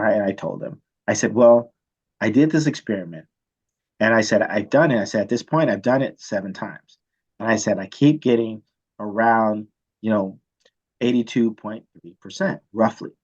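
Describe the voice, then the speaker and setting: A man teaching chemistry, telling a story from his student days in a casual, animated way and checking in with "right?" often. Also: fairly low pitch, highs cut off. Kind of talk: storytelling lecture.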